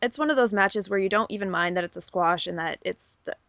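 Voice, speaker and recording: A woman's voice: mid-range voice, fast talker, fairly bright tone, no room sound. A woman co-hosting a podcast, giving an enthusiastic, opinionated casual recap. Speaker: podcast co-host. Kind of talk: casual wrestling recap chat.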